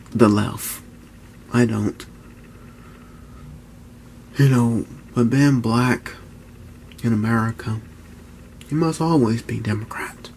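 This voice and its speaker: Young man vlogging in a near-whisper at home, gravelly, with faint background hiss. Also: darkish tone. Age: 20s. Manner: whispering and speaking low, halting, with restarts. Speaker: YouTuber. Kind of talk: hushed vlog talk. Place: at home, indoors.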